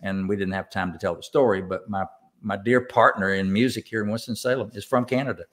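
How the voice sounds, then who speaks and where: An older man speaks with a warm East Tennessee drawl, his voice sitting a bit low. He takes his time, reflecting thoughtfully as a guest in a relaxed interview. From Southern United States. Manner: slow, reflective storytelling. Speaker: guest songwriter. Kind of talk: casual interview.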